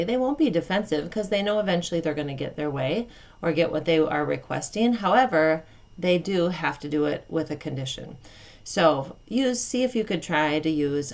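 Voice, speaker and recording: A woman coaching parents, speaking calmly and kindly and acting out what a parent and a child might say. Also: on the low side. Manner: calm, kind, plain-spoken, acts out parent and child phrases. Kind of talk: advice talk to camera.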